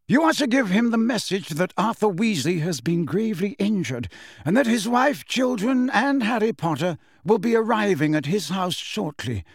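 A man voicing a calm, commanding elderly wizard headmaster, speaking in a measured, authoritative way. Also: gravelly, no echo, studio quality, heavily acted. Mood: grave, urgent. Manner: measured, authoritative, raised and lively pitch. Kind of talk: audiobook character voice.

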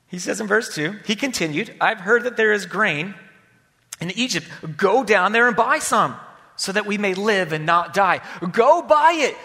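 Man preaching, high bright voice, loud-to-hushed swings, long hall reverb. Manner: dynamic, swings from loud emphasis to hushed near-whispers. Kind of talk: sermon.

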